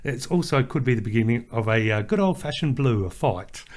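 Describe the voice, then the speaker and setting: A man's voice: mid-range voice, lively intonation, a little fast, a little mellow. An Australian man co-hosting a podcast, chatting casually and rambling with fillers and restarts. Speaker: podcast co-host. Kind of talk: casual chat.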